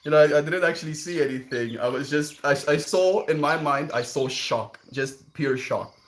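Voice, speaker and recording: A man's voice: a little high, moderate pace. A man, streaming and telling a story casually, rambling and repeating words as he goes. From South Africa.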